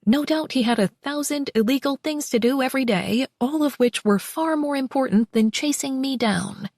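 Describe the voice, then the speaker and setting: Woman reading a romance audiobook, a bit high, expressive and wry, dry close mic. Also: moderate pace, no room sound. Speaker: audiobook narrator. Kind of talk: first-person romance audiobook narration.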